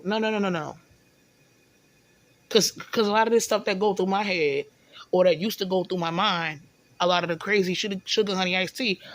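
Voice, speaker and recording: This woman's pitch is fairly low and the recording has no echo. Venting in an offhand monologue, she rambles, keeps repeating and stumbling over words, and frequently says "you know what I'm saying."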